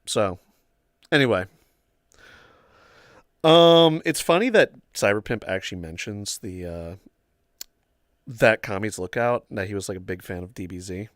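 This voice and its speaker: A man's voice: lowish voice, animated, unhurried, pauses often, no echo, studio quality. Rambling young man telling stories. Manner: rambling, full of "like" and "um". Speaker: livestream host. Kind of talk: casual storytelling chat.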